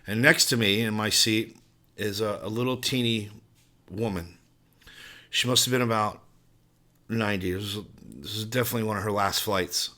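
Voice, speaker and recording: A male podcast host with a bright, forceful voice tells a casual story. He rambles and swears freely, and his delivery stays lively and unscripted. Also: on the low side. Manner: profane, rambling, animated storyteller.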